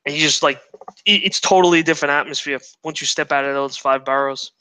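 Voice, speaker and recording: Rambling New man, bright voice. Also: a little high, quick pace, clean tone. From New York. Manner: rambling, swears freely, self-interrupting. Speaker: guest. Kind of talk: casual chat.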